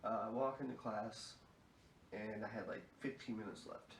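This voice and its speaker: A man's voice: lowish voice, steady tone, moderate pace, vocal fry, a little hiss or hum. A young man hosting a podcast, telling rowdy stories in a profane, chuckling way. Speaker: fill-in podcast host. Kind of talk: casual storytelling. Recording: echoey room.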